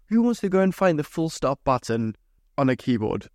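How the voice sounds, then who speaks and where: A man's voice: a little high, big pitch swings, moderate pace, darkish tone, dry recording, clean studio sound. A young man hosting his own podcast, ranting in a casual, sweary and exasperated way. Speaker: podcast host. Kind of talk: solo casual podcast rant.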